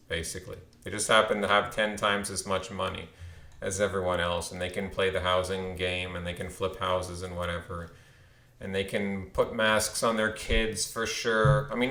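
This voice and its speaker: A man's voice: sits low, pushed and bright, roomy sound. A man in his thirties telling a long story to camera in a rambling way, restarting and repeating words. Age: 30s. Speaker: channel host. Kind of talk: casual storytelling monologue.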